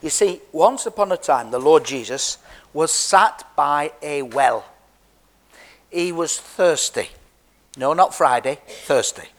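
A man's voice: on the high side, lively intonation, takes it slowly, a bit bright. An Englishman telling a Bible story to children in a jokey, chatty way, talking straight to them. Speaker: preacher giving a children's talk.

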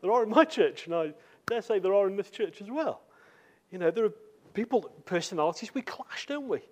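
Male preacher, fairly high voice, conversational sermon full of stories and restarts. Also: animated, fairly quick. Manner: storytelling with acted quotes and repeated words. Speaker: visiting preacher.

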